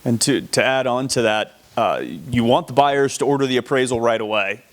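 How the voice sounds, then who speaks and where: A man's voice: medium pitch, normal speed. A man with a Southern American accent giving plain, practical tips on selling homes. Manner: plain, steady, practical, a few restarts. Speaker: real estate agent co-presenter. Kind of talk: instructional talk.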